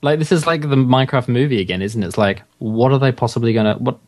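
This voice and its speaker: A man's voice: medium pitch, fast talker, a little mellow. A man co-hosting a podcast in casual chat, sarcastic and giggly, with the odd swear word. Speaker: podcast co-host.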